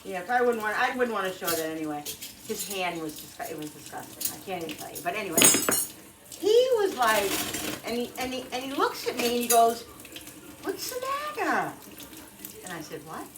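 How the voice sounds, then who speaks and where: A woman's voice: medium pitch, very animated, fairly quick, very noisy. A middle-aged woman vlogger telling a long personal story in a casual, rambling way, full of restarts and asides. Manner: rambling, emotional, many restarts and "you know"s. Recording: echoey kitchen from far off, clattering dishes.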